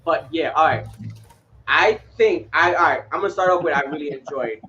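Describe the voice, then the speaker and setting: Casting: easygoing male podcast co-host, a touch high-pitched, slightly muffled audio with faint noise. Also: a little fast, bright, forceful tone. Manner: laid-back, laughs often, swears freely. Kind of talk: casual chat.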